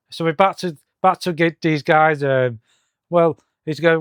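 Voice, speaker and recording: A man with a fairly high, smooth voice that comes across dry and close. He talks in a halting, hesitant way, full of fillers and restarts, and reads the comic's lines aloud in his own voice. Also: fairly even intonation, no room sound. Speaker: comic reviewer. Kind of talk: casual comic-book walkthrough.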